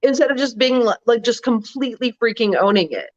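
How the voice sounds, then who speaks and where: Woman co-host, loose chatty political talk, higher voice, dull recording. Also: expressive, a little fast. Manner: chatty, lots of "like", mimics others in put-on voices. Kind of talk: casual political chat. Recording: muffled lo-fi audio.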